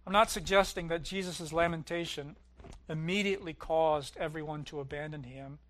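A man preaching a sermon as pastor, swelling loud on key lines and dropping low and quiet at others. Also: moderate pace.

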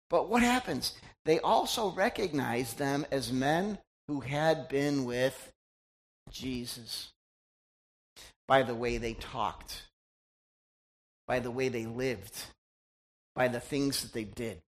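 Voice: medium pitch, slow, pauses often. A middle-aged pastor giving a conversational sermon, chatty and teasing, often quizzing the congregation.

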